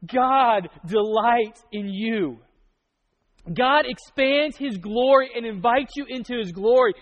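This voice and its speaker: A young man preaching a sermon in a conversational, joking manner, with quick asides. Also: very high voice. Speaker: pastor. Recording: dull lo-fi recording.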